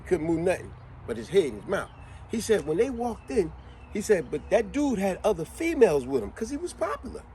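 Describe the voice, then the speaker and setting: A man's voice: high voice, big pitch swings, a little fast, dark tone, a little hiss or hum. A man giving a motivational monologue, speaking in with an emphatic, conversational manner and frequent questions to the listener.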